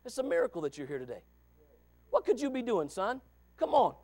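A man preaching a sermon as pastor, folksy and repetitive, swinging from quiet talk to fervent shouting. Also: high-pitched, sing-song, brisk. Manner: folksy, repeats phrases.

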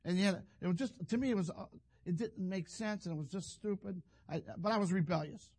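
A man's voice: high-pitched, a little fast, a little mellow. An older man, a pastor telling a rambling, folksy story in a sermon. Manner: rambling, folksy, self-interrupting.

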